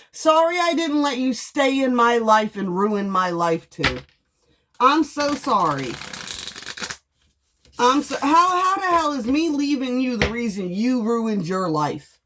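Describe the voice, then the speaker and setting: A woman's voice: a little high, noisy background. A woman tarot reader venting in a heated, profane monologue, blunt and sarcastic, mocking with bursts of laughter.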